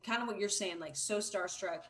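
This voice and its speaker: A middle-aged woman talking as a guest on a livestream, telling stories in a chatty, relaxed way. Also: mid-range voice, moderate pace, slight background noise. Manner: chatty storyteller. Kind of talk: casual conversation.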